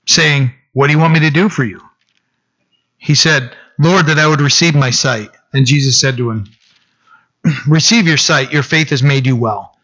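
Earnest, bright-toned male preacher. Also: on the high side, highs cut off. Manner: earnest, urgent preaching with restarts. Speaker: pastor. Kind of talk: sermon.

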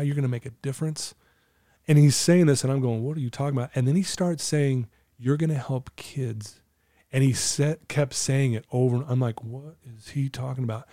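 A man's voice: mid-range voice, dark tone, dry recording, clean studio sound. A middle-aged man telling a personal story in casual conversation, earnestly acting out the dialogue. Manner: earnest, acts out quoted dialogue. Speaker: guest telling his story.

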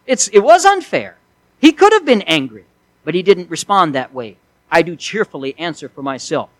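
A man preaching an expository sermon, swinging between forceful emphasis and hushed asides. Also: fairly high pitch, big pitch swings, moderate pace, no room sound, poor audio. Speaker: pastor.

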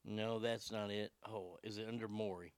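A man's voice: lowish voice, steady tone, moderate pace, smooth, no echo. A man hosting a political commentary show, sarcastic and profane, mocking what he plays. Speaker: host.

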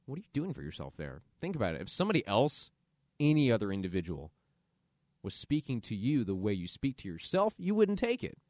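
Lively low-voiced man giving pep talk. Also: fairly quick, no room sound, studio quality. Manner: earnest, conversational, acts out quoted inner voices. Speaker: podcast host. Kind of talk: motivational solo talk.

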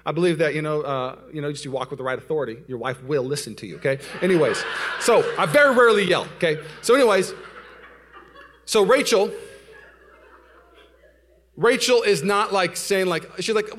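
A young male pastor telling a story in a sermon, swinging from loud outbursts to hushed asides before a congregation. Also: sits high, animated, a little fast. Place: church sanctuary before a live audience.

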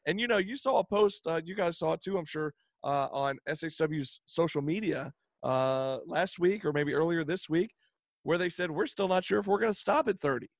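Raspy-voiced man hyping an event. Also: a little high, moderate pace, no room sound. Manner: upbeat, hype-building, many "uh" fillers. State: raspy, worn voice. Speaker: podcast co-host. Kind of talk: casual podcast chat.

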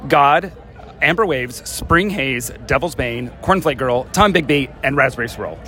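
A man's voice: mid-range voice, expressive, a little slow. A man who is a concert fan, answering questions and reading out a set list. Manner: reads a list, reacts with easy surprise. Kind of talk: casual interview. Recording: loud crowd chatter behind.

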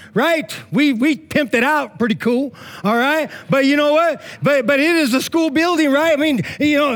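A man with a notably high voice preaches a sermon to his congregation. His talk is casual and full of slang and stories, and he keeps checking in with "right?" and "man". He swings between loud, emphatic calls and hushed, slow passages. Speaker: pastor. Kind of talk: sermon with storytelling. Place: church meeting in a school building.

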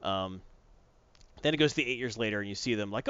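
A man's voice: on the low side, lively intonation, fast talker, a bit bright, smooth, no room sound, muffled recording. A man in casual chat, recapping a comic book plot with mocking put-on voices for the characters. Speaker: comic book podcast co-host.

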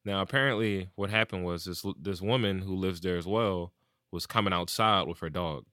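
A man's voice: low voice, normal speed, bright, forceful tone, no echo, studio quality. A man in casual chat, animatedly retelling stories and acting out what people said, with plenty of swearing.

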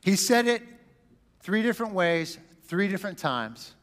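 A man preaching a sermon, dramatic, swinging from loud bursts down to a near whisper. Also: high-pitched, very animated, measured pace, in a large hall. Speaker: pastor.

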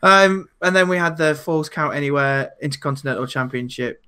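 A man's voice: on the high side, fairly quick, bright, forceful tone, clean tone. A man co-hosting a casual podcast, recapping shows and often breaking into laughter. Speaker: podcast co-host. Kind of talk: casual chat.

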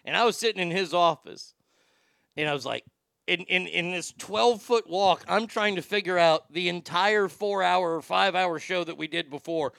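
A man telling stories in a casual livestream as a former radio host, animated, swearing freely and reading out viewer comments. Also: a little high, normal speed, vocal fry, no room sound, clean studio sound.

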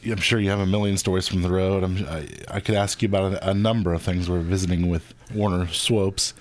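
A man's voice: low-pitched, fairly even intonation, a little fast. A middle-aged man hosting a church podcast interview, talking in a loose, rambling way. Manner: conversational, rambling with restarts. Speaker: podcast host. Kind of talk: casual interview.

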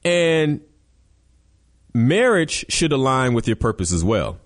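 An emphatic man hosts a motivational radio talk show. He turns to the listeners and presses his points home, and his pitch rises and falls a lot as he goes. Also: sing-song, slow. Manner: preachy, emphatic, addresses listeners directly.

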